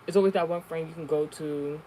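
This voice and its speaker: Animated, profane woman telling a spiritual story. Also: low voice, a little fast, a little hiss or hum, low-quality recording. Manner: animated, profane, full of fillers and laughs. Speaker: spiritual reader. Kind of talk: casual spiritual storytelling monologue.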